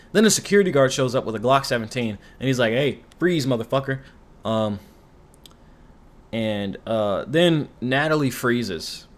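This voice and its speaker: A man talks through a show's plot in a loose, rambling recap. He swears freely and turns sarcastic whenever something annoys him. His voice sits in an ordinary middle range. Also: mid-range voice. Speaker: commentary YouTuber. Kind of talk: ranting show recap.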